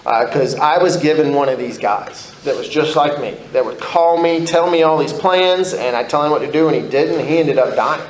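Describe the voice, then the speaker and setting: A man's voice: on the high side, normal speed, hardly any pauses, reverberant, slight background noise, poor audio. A man telling his own recovery story to a group, candid and blunt, swearing freely, rambling with restarts.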